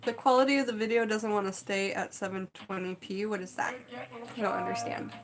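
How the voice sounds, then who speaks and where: A woman's voice: medium pitch, fairly quick, poor audio. A woman chatting casually on a live stream, rambling with lots of fillers. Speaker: livestream host.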